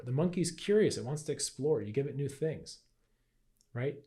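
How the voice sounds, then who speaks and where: Mellow-voiced man teaching casually. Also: mid-range voice, lively intonation, moderate pace. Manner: conversational, keeps asking "right?"; acts out playful inner voices. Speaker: health and Qigong teacher. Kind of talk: casual teaching talk to camera.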